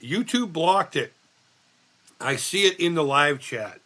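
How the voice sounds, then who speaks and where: A man's voice: on the high side, expressive, takes it slowly, bright, forceful tone. A middle-aged man, hosting a casual live chat and telling rambling, profane stories while reading chat aloud. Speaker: livestream host.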